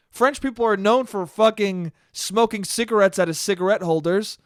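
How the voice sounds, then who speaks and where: Young man, podcast host, profane animated rant, high voice, dry close sound. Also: moderate pace, few pauses, no room sound. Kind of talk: solo comedic podcast rant.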